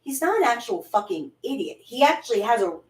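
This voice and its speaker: A woman's voice: on the high side, big pitch swings, a little fast. A woman chatting casually and bluntly with frequent swearing while nursing a headache. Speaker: co-host. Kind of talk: casual reaction chat. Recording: echoey room, far from mic.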